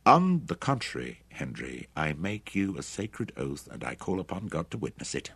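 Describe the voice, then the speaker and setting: A man voicing a grim male officer who speaks in a calm, measured, cold way. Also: a bass voice, vocal fry, slightly rough, dry recording, heavily acted.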